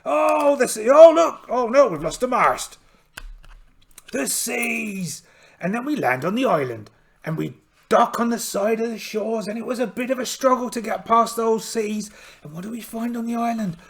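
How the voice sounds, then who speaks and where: A man's voice: sits high, normal speed, fairly bright tone. A man voicing a polite, boastful one-eyed pirate captain in a solo tabletop game, theatrical and full of exclamations. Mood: hearty. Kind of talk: in-character solo game narration.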